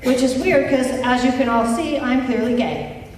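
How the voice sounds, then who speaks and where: A woman coach giving an inspirational conference talk, telling a candid personal story slowly, with wry humor. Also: sits high, over a noisy crowd. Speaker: life and recovery coach, conference speaker. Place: conference hall. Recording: echoey hall from far off.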